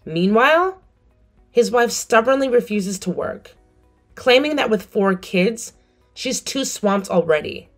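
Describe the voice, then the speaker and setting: A middle-aged woman tells her story in a cold, firm tone. Her voice is mid-pitched but swings widely, with faint music beneath it. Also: expressive, measured pace. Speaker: narrator and mother. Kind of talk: scripted story narration.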